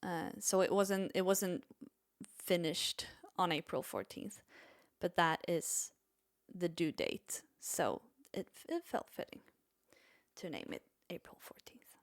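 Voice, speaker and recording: A woman's voice: on the low side, slow pace. A woman musician chatting casually on her stream in a rambling, self-deprecating way.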